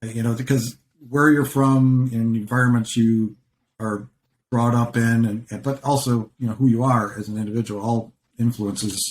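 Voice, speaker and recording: A man's voice: mid-range voice, fairly even intonation, moderate pace, slight background noise. A man hosting a podcast, musing reflectively and repeating himself as he thinks. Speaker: podcast host. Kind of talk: conversational interview.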